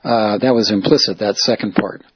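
A man's voice: fairly low pitch, normal speed, breathy edge, dry recording, muffled recording. A man, a reporter and activist, talking in a rambling, self-correcting way as he recounts and explains. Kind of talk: casual spoken monologue.

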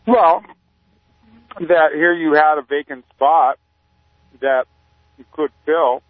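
A man calling in to a radio show, talking in a halting, rambling way with deadpan satire. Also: fairly high pitch, no room sound. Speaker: caller, community activist. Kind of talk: casual radio interview over the phone. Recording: tinny phone line.

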